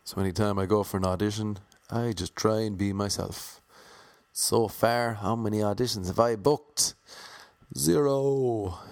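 A man's voice: fairly low pitch, no echo. A man vlogging casually as an aspiring actor, rambling and mocking himself. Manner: rambling, self-deprecating. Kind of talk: casual vlog monologue.

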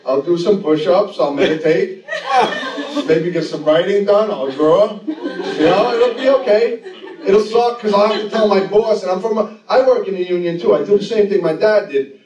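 A man's voice: high-pitched, normal speed, a little mellow. Rambling, profane man telling stories on stage. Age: adult. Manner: rambling, profane, self-mocking. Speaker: storyteller on stage. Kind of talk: live storytelling to an audience. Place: live venue with an audience. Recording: roomy live venue, distant mic, audience laughter. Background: audience laughter.

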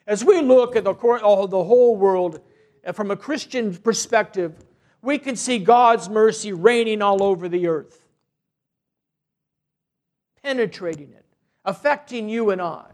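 Male priest with a high voice, earnest sermon storytelling, loose and conversational. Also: darkish tone. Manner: earnest storytelling, unhurried, with restarts. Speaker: parish priest.

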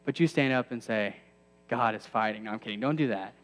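A man's voice: medium pitch, fast, long reverb tail. A man in his thirties preaching a sermon to a campus ministry, conversational with self-deprecating asides that build to emphatic peaks.

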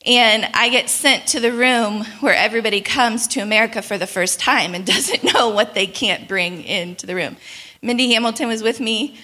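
Woman, young adult, sermon storytelling, higher pitch, bright tone, animated with frequent laughter. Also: normal speed. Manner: animated, laughs often, acts out quoted voices. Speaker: speaker at a church gathering.

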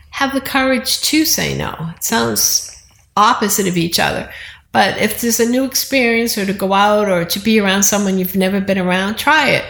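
Older lady chatting away, bit of gravel in her voice, roomy echo. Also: medium pitch, a bit bright. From United States east coast. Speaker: guest, host's mother. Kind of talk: casual conversation.

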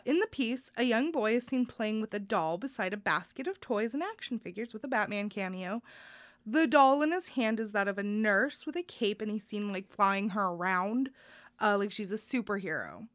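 A woman's voice: mid-range voice, a bit bright, dry recording. A young adult woman co-hosting a podcast, sharing good news in a heartfelt, rambling way with plenty of fillers. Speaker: podcast co-host. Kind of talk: casual news chat.

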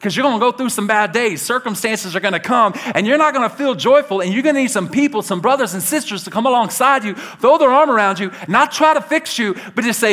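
A man preaching a sermon to his church, animated and conversational, laughing along with his stories and talking straight to the congregation. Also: sits high, quick pace, hardly any pauses. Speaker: pastor.

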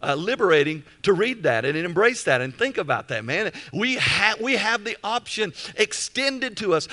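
A man preaching with a high, bright voice that swings widely in pitch. He leans on repeated phrases and stretches key words slowly for emphasis, in the manner of an emphatic pastor's sermon.

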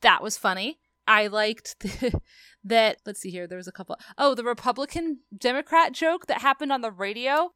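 A woman's voice: sharp tone, smooth, no room sound. A woman in her thirties co-hosting a podcast, reviewing a movie in casual, effusive chat and acting out quotes. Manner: effusive, quick shifts in pitch, acts out quotes. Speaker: podcast co-host.

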